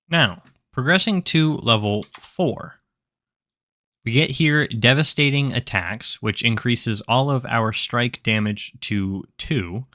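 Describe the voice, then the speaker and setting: A man's voice: fairly low pitch, a bit bright, no room sound, studio quality. A man explaining a tabletop game character build step by step, in a methodical tutorial manner. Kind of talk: screen-recorded game tutorial.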